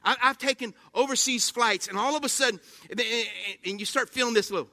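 A man preaches a sermon with a high-pitched voice. He tells stories animatedly, acts out cries and exclamations, and keeps checking in with the congregation with quick questions. His voice is bright and sharp, and the sound is dry. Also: no room sound. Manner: animated storytelling with acted-out exclamations; asks the congregation frequent questions.

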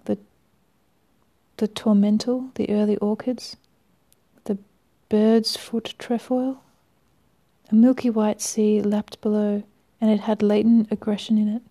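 A woman reads a first-person story with a wry, measured delivery, and at times her voice sinks to a near-whisper. Her voice is low and gravelly, dark and mellow in tone. The pitch stays fairly flat throughout. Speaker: reader.

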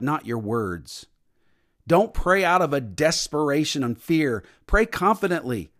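A man preaching a sermon, stressing points with repetition and dropping to a soft voice at times. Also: sits high. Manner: preaching with emphatic repetition and sudden soft drops. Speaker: pastor.

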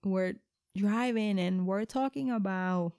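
A woman's voice: mid-range voice, slow, a little mellow, no room sound, studio quality. A woman, co-hosting a casual chat and telling stories, swearing freely and dropping in Spanish words. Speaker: podcast co-host.

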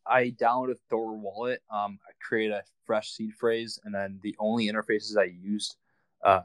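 A man calling in from the community asks questions in a halting, frustrated way, often repeating words. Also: fairly low pitch, no echo. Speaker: caller from the community. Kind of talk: casual question on a live audio call.

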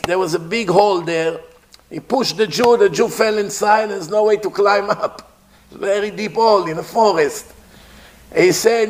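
A man giving a sermon who tells a story, slowly and emphatically, repeating his phrases. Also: high voice.

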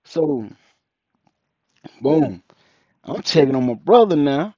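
A young man telling a story casually, animated and profane, acting out the people in it. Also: fairly high pitch, takes it slowly, no echo. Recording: dull, muffled, dry recording.

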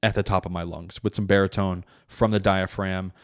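A man's voice: sits low, little pitch movement, moderate pace. A comedian and podcast host, a father, telling a rambling story in casual, profane, self-correcting chat.

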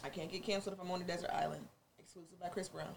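A woman co-hosting a comedy podcast, talking in loud, animated, swear-filled casual chat. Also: on the low side, rapid-fire, vocal fry. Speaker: podcast co-host. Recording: faint background noise.

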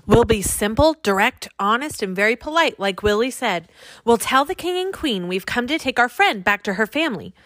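A woman's voice: on the high side, animated, normal speed, fairly bright tone, no echo. A woman voicing Annie, a bold and eager young girl. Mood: earnest.

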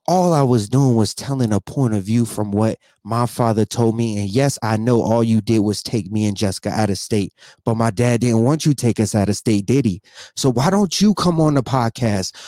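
A mellow, medium-pitched male vlogger in his 30s goes on an emotional, unscripted rant at the camera. He curses, circles back to the same points, sighs tearfully, and keeps checking if you know what he means. The recording is studio quality and echo-free.

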